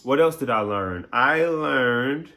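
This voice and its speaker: A man's voice: mid-range voice, expressive, takes it slowly, pushed and bright. A man streamer talking casually to his viewers in a playful, chatty way, laughing often. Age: adult. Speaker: game streamer. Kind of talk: casual recap talk to viewers.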